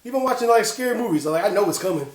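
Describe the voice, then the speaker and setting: His high voice racing, a male co-host of a casual gaming podcast laughs his way through rambling stories. The excitable delivery comes through with a roomy sound.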